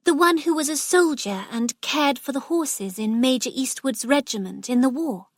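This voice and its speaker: A woman's voice: sits high, normal speed, voice pushed up. A woman voicing an eager young girl. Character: excited young woman, earnest and dreamy.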